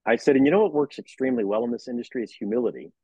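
Husky-voiced male professor telling stories. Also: medium pitch, very fast, dry recording. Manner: animated storyteller who acts out dialogues with students. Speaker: sports management professor and broadcaster, guest. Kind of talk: casual interview talk.

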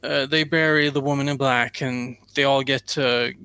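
A man's voice: medium pitch, steady tone, normal speed, sharp tone, clean tone, dry recording. A man hosting a casual book discussion, rambling and joking as he goes. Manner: rambling, jokey, mimics voices. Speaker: podcast host, author.

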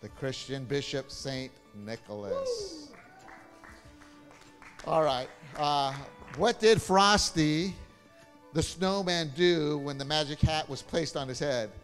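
A man, a pastor, casually hosting a Christmas trivia game in church, playful and chuckling as he reads the questions slowly. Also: a little high, sing-song, a bit bright, big-room sound, soft background music. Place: church hall.

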